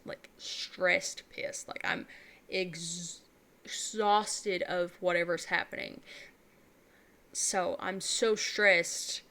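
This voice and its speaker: Young adult woman vlogger, bright tone, rambling and self-deprecating chat. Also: on the low side. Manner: rambling, candid, self-deprecating, laughs often. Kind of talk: casual chat.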